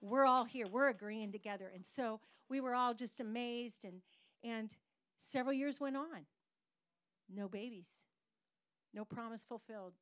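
A middle-aged woman pastor preaching a sermon, telling a personal story in an animated way with pauses for emphasis. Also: on the high side, no room sound.

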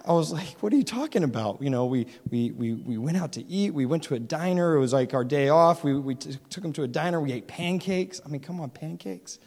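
Animated pastor in a reverberant hall. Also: male voice, a little high, brisk. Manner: animated storytelling, acts out dialogue, laughs often. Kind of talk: sermon. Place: church hall.

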